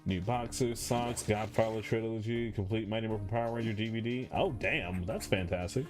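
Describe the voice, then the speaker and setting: A man's voice: lowish voice, normal speed. A man streaming a game, chatting in a rambling, self-mocking way from his room at home. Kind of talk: casual chat while playing. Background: game music.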